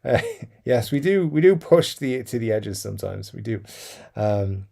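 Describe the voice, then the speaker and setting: A man's voice: fairly low pitch, lively intonation, measured pace, creaky, mellow. A man hosting a casual livestream, reading viewer comments aloud and rambling between them with lots of fillers and chuckles. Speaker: livestream host reading chat. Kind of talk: casual live-stream chat.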